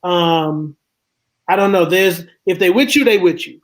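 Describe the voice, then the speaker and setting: A man's voice: high-pitched, a little slow, rough recording. A laid-back man from the US East Coast, chatting casually as a roundtable guest in a slangy, rambling way. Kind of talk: casual chat.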